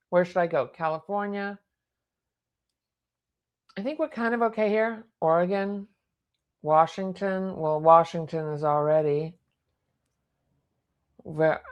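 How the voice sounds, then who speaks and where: Woman, tarot reader, unhurried and low, breaks into exclamations. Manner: exclaiming, thinking aloud, emotional. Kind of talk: live tarot reading.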